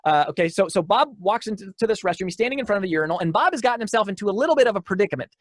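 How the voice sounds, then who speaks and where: A man's voice: sits high, animated, racing, no room sound, clean studio sound. A man giving a motivational keynote talk, telling stories with energy, repeating his key lines and often restarting phrases.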